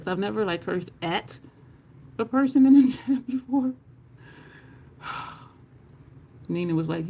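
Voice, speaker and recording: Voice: mid-range voice, slow pace, long pauses. A makeup livestream host chatting casually with viewers while applying makeup, laughing often and cursing now and then in conversation.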